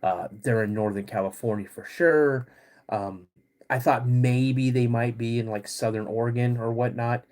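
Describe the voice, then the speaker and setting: A man in his fifties hosting a live podcast stream, greeting chat viewers by name in a halting way while getting over a cold. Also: mid-range voice, steady tone, darkish tone. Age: 50s. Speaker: podcast host.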